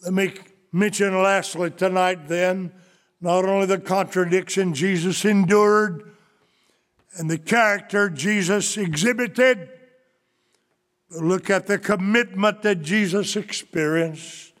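A pastor preaching in a high, light man's voice. He takes his time, letting words stretch out slowly as he builds to emphatic lines. His delivery is folksy and good-humoured. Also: steady tone, a bit bright. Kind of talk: sermon.

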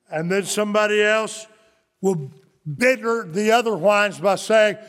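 High-voiced, slow-preaching pastor. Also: male voice, a bit bright. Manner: folksy, preaching with rising, drawn-out emphasis and sung lines. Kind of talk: sermon.

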